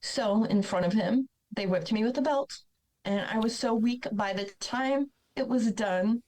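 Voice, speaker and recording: A woman's voice: a little high, measured pace, a little mellow, low-quality recording. A woman speaking as a podcast guest, telling her own painful life story in a blunt, candid, emotional way. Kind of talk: personal storytelling.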